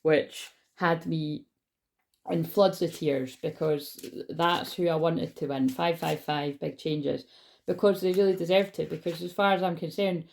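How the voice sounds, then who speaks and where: Recorded on a phone, this woman's deep, gravelly, slightly mellow voice carries a relaxed tarot reading for her vlog. She rambles and chats, swears now and then, and frequently loses track of what she was saying.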